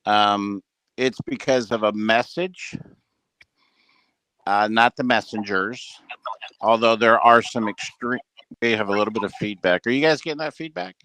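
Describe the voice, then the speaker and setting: A man's voice: lowish voice, a little slow, long pauses, pushed and bright, dry recording. A man speaking on a group video call, giving a rambling, earnest motivational talk to his team with frequent fillers. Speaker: business leader addressing a team call. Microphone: headset with ear monitor.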